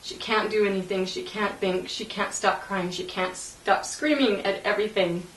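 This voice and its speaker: A woman interviewee recalling a painful memory, halting and emotional, with many fillers and laughing through tears. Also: mid-range voice, fairly even intonation, a bit bright, slight background noise. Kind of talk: personal recollection in an interview. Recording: roomy, distant mic.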